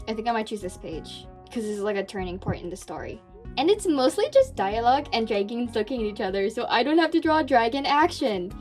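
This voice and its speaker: Brief: a high-voiced woman, chatty, self-deprecating vlog narration over faint music. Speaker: animation YouTuber.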